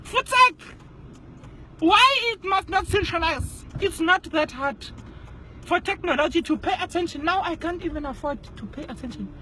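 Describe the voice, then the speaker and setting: Man putting on a very high-voiced, fed-up South African guy venting behind the wheel, traffic noise around. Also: moderate pace, pushed and bright, rough recording. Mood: fed-up yelling. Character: exasperated South African man driving, ranting at technology. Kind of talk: comedy sketch monologue. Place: inside a car on the road.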